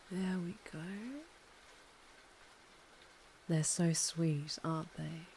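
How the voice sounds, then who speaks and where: Woman voicing a low, slow orc warrior woman in whispered role-play. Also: dark tone, a little hiss or hum. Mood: seductive, possessive. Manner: low murmuring, often breathy whispers. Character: powerful female orc warrior, tender and possessive. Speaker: ASMR storyteller.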